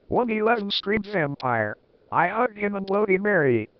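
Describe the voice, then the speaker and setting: A man's voice: sits high, big pitch swings, normal speed, no room sound. A man giving a comic dramatic reading, with wry, sarcastic asides. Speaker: reader. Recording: dull, lo-fi dry recording.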